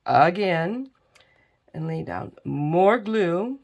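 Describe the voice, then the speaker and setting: A tired, middle-aged woman talks her way through a crafting project in a relaxed, chatty way. Her voice sits low and has a gravelly edge. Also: very slow, highs cut off. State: tired and yawning. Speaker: crafting video host. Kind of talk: casual crafting tutorial chat.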